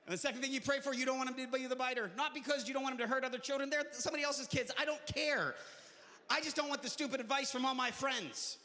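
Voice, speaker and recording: A man's voice: very high-pitched, quick pace, bright, forceful tone, in a large hall. A male comedian performing a stand-up set, punchy and chatty with the crowd.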